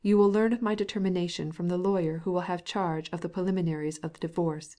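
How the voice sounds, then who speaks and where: A woman's voice: steady tone, fast talker, mellow, lightly acted. A woman voicing a stern, cold middle-aged husband with a piping voice who speaks angrily and stammers when upset. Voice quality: piping, high-strung.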